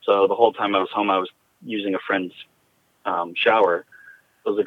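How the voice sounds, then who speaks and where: Man, low voice, halting reflective storytelling, tinny phone sound, dry. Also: fairly even intonation, dry recording. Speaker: guest. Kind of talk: personal storytelling.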